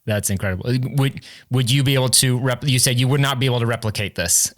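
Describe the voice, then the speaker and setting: A man's voice: medium pitch, a little fast, a bit bright. A man hosting a casual interview, chatty and friendly, often laughing between points. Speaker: podcast host.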